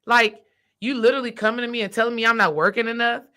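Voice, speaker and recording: A woman with a bright, forceful voice tells a personal story in a relaxed monologue. She talks straight to her listeners with emphasis and acts out the dialogue as she goes. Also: fairly high pitch, fast talker. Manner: animated, acts out quoted dialogue; emphatic, addresses listeners directly. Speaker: spiritual coach.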